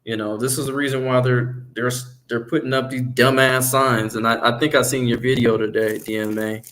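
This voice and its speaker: Man, host, casual chat, blunt, profane, animated. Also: mid-range voice, brisk. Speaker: podcast host.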